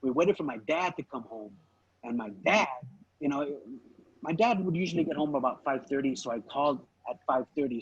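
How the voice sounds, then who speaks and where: A man's voice: on the high side, gravelly, slightly rough, dull audio. A man co-hosting a podcast, telling a story in casual chat, swearing freely and acting out his relatives' lines. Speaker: podcast co-host.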